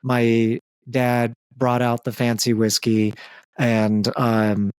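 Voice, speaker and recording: A man's voice: mid-range voice, completely flat delivery, slow, a little mellow, clean tone, no echo. A young man hosting a comedic podcast, chatting casually with loose jokes, fillers and the odd curse. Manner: joking, loose, frequent fillers and profanity. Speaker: podcast host.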